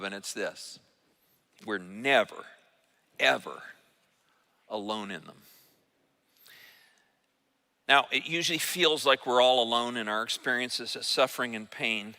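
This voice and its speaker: An older man preaching a sermon as pastor, earnest and emphatic, with halting restarts. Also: medium pitch, bright, forceful tone, long reverb tail. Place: church sanctuary.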